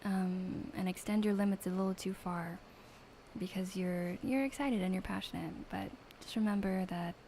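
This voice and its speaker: A young woman reading tarot gently in a whispered role-play, soft and halting with many fillers. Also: medium pitch, fairly even intonation, a little hiss or hum, low-quality recording. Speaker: ASMR streamer reading tarot.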